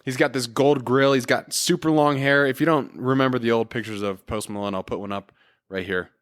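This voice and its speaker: A man's voice: mid-range voice, fairly even intonation, brisk. A man hosting a solo motivational podcast, talking in an earnest, encouraging and casual way with everyday fillers. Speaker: podcast host.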